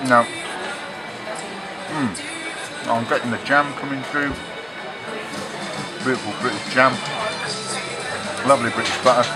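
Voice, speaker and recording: Brief: male travel vlogger, mid pitch, tongue-in-cheek and rambling, loud music behind. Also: fairly even intonation, a little slow, pauses often, a loud crowd, poor audio. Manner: jokey, mock-patriotic, rambling.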